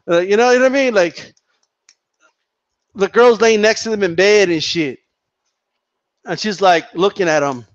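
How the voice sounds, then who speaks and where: A man's voice: sits high, unhurried, pauses often, highs cut off. A man hosting his own boxing channel, ranting casually with lots of swearing, repetition and mockery. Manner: profane, repetitive, mocking. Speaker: boxing commentator, channel host. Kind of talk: casual rant to camera.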